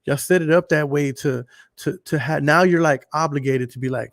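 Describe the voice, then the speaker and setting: A man's voice: medium pitch, steady tone, quick pace, no room sound, studio quality. A man with a Texas accent hosting a casual solo podcast, blunt and profane, talking straight to his listeners. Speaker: podcast host.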